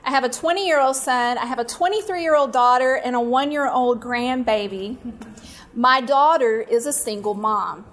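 Woman speaker, middle-aged, high-pitched, animated storytelling, Christian teaching at a conference breakout. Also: normal speed. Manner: warm, animated storytelling, laughing at herself.

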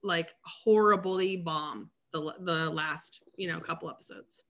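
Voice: mid-range voice, unhurried, fairly bright tone. A co-host in a casual chat, talking loosely with lots of fillers and swearing. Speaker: podcast co-host.

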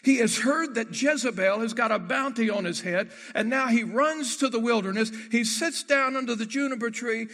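Preacher, male, high bright tone, dramatic loud-to-soft delivery, acts out quoted scripture. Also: normal speed, hardly any pauses. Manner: acts out the prophets' words in quoted speech. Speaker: pastor. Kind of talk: sermon.

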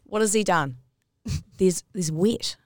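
A woman's voice: medium pitch, takes it slowly, dry recording, studio quality. A woman co-hosting a podcast, telling a personal story in casual chat and rising to squeals at the big moments. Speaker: podcast co-host.

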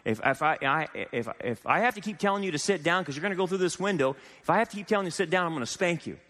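A man's voice: a little high, lively intonation, racing, fairly bright tone, voice pushed up. A male pastor voicing a stern mother who scolds her child from the driver's seat, in a long church reverb. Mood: scolding. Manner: scolding, stumbling over words.

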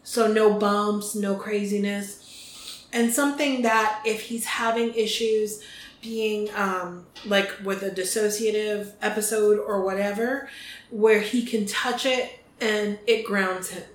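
A woman's voice: mid-range voice, steady tone, slow pace. Chatty woman podcaster, echoey room. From United States. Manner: chatty, trails off and restarts with ums. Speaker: podcast co-host. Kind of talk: casual chat. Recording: echoey room with faint noise.

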